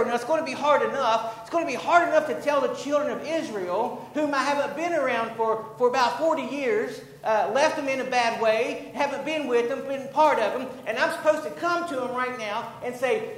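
A male pastor preaching a sermon, building to emphatic, drawn-out declarations. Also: very high-pitched, fairly bright tone, roomy sound, slight background noise, rough recording. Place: church sanctuary.

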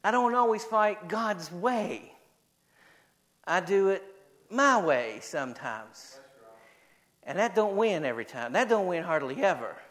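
A man preaching to his church, moving between shouted high points and quiet, joking asides. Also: lively intonation, measured pace, long pauses. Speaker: pastor. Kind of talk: sermon.

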